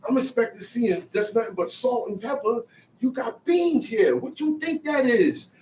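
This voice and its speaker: An extremely high voice with lively intonation and a darkish tone carries this man's Bible study at a moderate pace. Emphatically preaching to a small group, he acts out quotes and calls on listeners; the room echoes, the mic is distant, and faint noise lingers.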